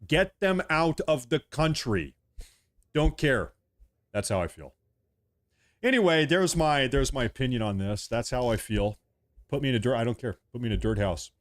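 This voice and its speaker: This American political commentator, a man in his early thirties, has a mid-range voice and a moderate pace. His heated political rant leans heavily on repetition and profanity.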